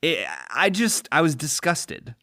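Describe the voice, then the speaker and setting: A man co-hosting a film podcast, talking in an animated, emphatic and indignant way. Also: on the high side, measured pace, gravelly, no echo, clean studio sound. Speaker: podcast co-host. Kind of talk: casual film discussion.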